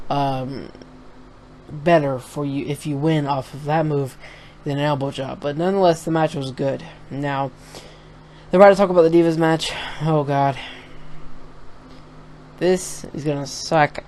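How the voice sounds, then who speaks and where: A man's voice: on the high side, creaky, darkish tone, a little hiss or hum. A man talking casually in a reaction vlog, reviewing a wrestling show in a profane, rambling, opinionated rant.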